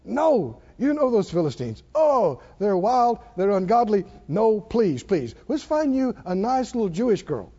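A man's voice: high voice, very animated, unhurried, few pauses, mellow, big-room sound, voice pushed down, full character voice. A man doing worried pleading parents. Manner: pleading, coaxing. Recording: muffled lo-fi recording.

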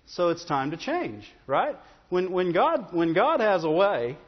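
A man's voice: sits high, big pitch swings, a little slow. A man preaching a sermon as pastor, talking in a conversational way and often checking in with the congregation. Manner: conversational, repeats "Amen?" and "Right?". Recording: dull, with long hall reverb.

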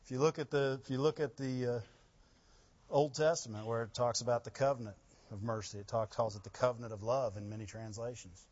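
Animated preaching man, lo-fi. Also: mid-range voice, brisk. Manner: animated, rising to loud emphasis and laughing asides. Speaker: pastor. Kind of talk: sermon.

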